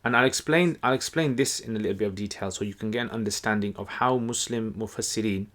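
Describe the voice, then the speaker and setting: A Quran teacher gives a casual explanatory lesson on a text, relaxed and conversational in his teaching. His voice is a little low, and he often pauses with fillers and restarts sentences midway.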